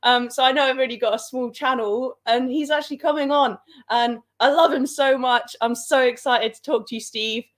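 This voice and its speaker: Excitable girl on a football live stream, kinda high voice, laughs a lot. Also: normal speed, few pauses. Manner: excitable, laughs often, dramatic. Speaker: livestream host. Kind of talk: excited livestream chat.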